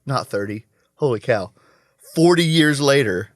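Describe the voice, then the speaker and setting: A man's voice: medium pitch, lively intonation, a little slow, no echo, studio quality. A man hosting a casual podcast chat, telling stories and laughing often. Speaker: podcast host.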